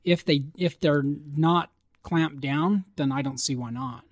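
Chatty man with a higher voice, dry sound. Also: a little slow, no room sound. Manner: chatty, reads out news items with fillers. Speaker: podcast co-host. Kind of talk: casual chat about movie news.

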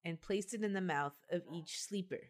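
A podcast host with a lowish voice reads a folk tale aloud at normal speed while joking with friends in casual chat. She's playful and laughs often.

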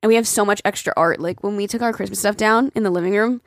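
A woman's voice: medium pitch, fast, no room sound. A young woman co-hosts a podcast and chats casually, her words full of "like" and the odd swear word. Her voice sits in a middle range for a woman. It is recorded dry and close, with no room sound. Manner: chatty, filler-heavy, says "like" a lot, swears casually. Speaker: podcast co-host. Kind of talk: casual chat.

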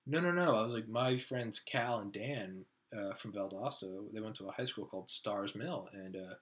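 A man in his thirties hosting a podcast, telling stories in casual chat and jumping into a higher voice to act out his friends. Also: moderate pace, husky. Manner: animated, acts out quoted friends with raised pitch. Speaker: podcast host.

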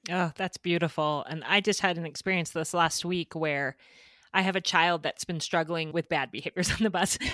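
A woman's voice: fairly low pitch, pushed and bright, no room sound, clean studio sound. A woman hosting a podcast, telling a parenting story with light laughs. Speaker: podcast host. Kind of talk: podcast conversation.

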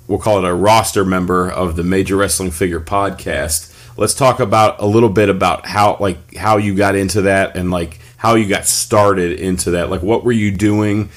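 A man's voice: low-pitched, fairly even intonation, normal speed, hardly any pauses. A man hosting a podcast interview, giving short reactions and leading the questions. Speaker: podcast host. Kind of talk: casual interview.

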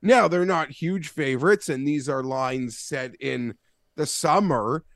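Easygoing man with a higher voice. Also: slow, fairly bright tone, no echo, studio quality. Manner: easygoing, hesitant, stumbles over words. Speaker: sports betting co-host. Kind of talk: casual sports betting chat.

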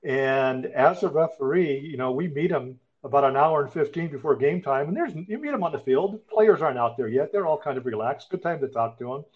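A man's voice: on the high side, expressive, a little fast, hardly any pauses. A man swaps old referee stories in an easygoing chat, slipping into the voices of the people he quotes. The sound is a little dull and lo-fi. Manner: anecdotal, acts out quoted voices. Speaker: former football referee, guest. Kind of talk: casual storytelling conversation.

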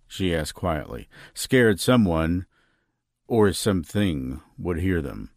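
A man's voice: a little mellow, no echo, studio quality. A man hosting a true-crime podcast, narrating in a dramatic storytelling style. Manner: dramatic storytelling with wide swings in pitch. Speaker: podcast host and audiobook narrator.

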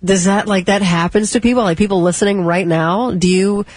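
Husky-voiced radio co-host asking questions. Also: mid-range voice, fairly even intonation, brisk, a little mellow. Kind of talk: casual radio chat.

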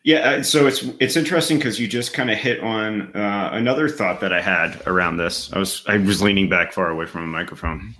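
A man with a fairly low voice, working through his thoughts in relaxed podcast chat. He stops often with ums and restarts, but keeps a steady, considered pace. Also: brisk, hardly any pauses. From United States. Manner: thoughtful, many fillers and restarts. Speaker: podcast co-host. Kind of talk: casual chat.

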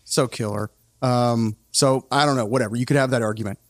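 A man hosting a casual music podcast. He talks in an opinionated, animated way and often breaks off his own sentences. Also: medium pitch, brisk, dry recording, clean studio sound. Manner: opinionated, animated, self-interrupting. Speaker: podcast host.

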